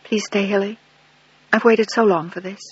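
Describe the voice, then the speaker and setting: A gentle, quiet woman pleading earnestly, voiced by a man who lifts his pitch. His tone is husky, and the recording is dull and dry. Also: fairly even intonation, moderate pace, no room sound.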